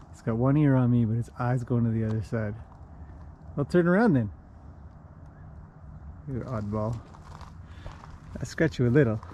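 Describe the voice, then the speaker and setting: A man's voice: mid-range voice, mellow, slight background noise. Chatty man vlogging outdoors with horses. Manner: chatty, greets animals in a lifted sing-song voice. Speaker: horse trainer and owner. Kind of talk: casual walk-and-talk vlog.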